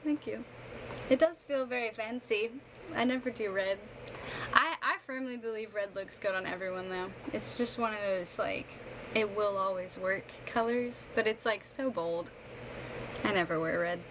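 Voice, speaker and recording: A tired young woman streamer, rambling and laughing as she chats casually with her live viewers after reading a book aloud. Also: a little high. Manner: rambling, chatty, laughs often, many fillers. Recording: clear background noise.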